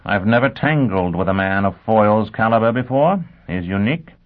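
A cold and amused ruthless male spymaster with a smug, crisp delivery, voiced by a man narrating. The voice sits low. The sound is tinny and phone-like. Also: expressive, fairly quick, close to an everyday voice.

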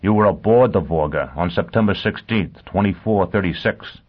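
A man voicing a vengeful, driven man who questions with calm ferocity. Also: deep voice, normal speed, husky, lo-fi sound. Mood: menacing. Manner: cold, intense interrogation.

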